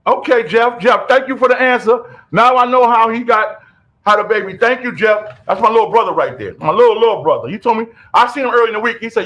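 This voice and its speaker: A man hosting a radio show in casual, animated chat, calling out to his co-hosts and listeners. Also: very high-pitched, dull audio. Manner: animated, loud, quick repeated calls of "yo".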